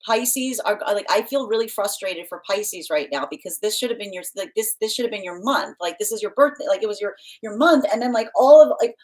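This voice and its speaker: Her mid-range voice is expressive and a little mellow, moving a bit fast with few pauses as she hosts a live tarot stream. She chats casually, reads out viewer comments, laughs a lot, and sometimes gets playfully stern and motherly, all over poor audio.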